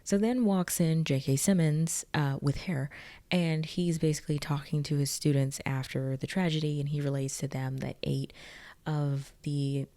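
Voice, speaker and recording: A woman with a very low, gravelly voice chats through a film recap in a loose, joking way. Her tone is dark and mellow, and "like" fills her sentences. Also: steady tone, moderate pace. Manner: chatty and jokey, lots of "like". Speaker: video essay host.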